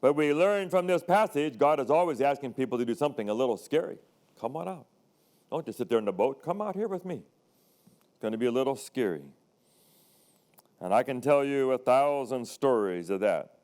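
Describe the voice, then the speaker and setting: A man's voice: mid-range voice, lively intonation, a little fast, darkish tone. An older man, a retired pastor, preaching a sermon in a conversational way, telling personal stories and acting out the voices of people in them.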